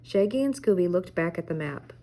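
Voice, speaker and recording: Mellow-voiced grandmother reading a storybook. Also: fairly low pitch, animated, brisk, poor audio. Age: older. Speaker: teacher reading aloud. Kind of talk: children's book read-aloud.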